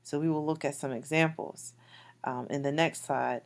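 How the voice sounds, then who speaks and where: A woman's voice: low-pitched, steady tone, normal speed, gravelly. A woman teaching a beginner Biblical Hebrew lesson over slides, patiently repeating words with frequent fillers. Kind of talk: recorded slide lecture.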